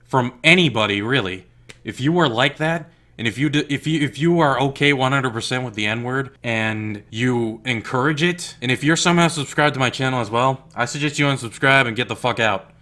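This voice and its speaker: A young man delivers a heated rant straight to his audience. He is blunt and profane, with a mid-pitched voice that keeps pressing forward. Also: a little fast, pushed and bright. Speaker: YouTuber. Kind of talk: angry rant to camera.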